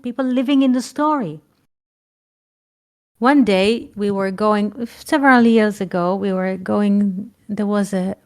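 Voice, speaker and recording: A woman giving a reflective spiritual talk, often pausing to search for words. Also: medium pitch. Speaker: spiritual teacher.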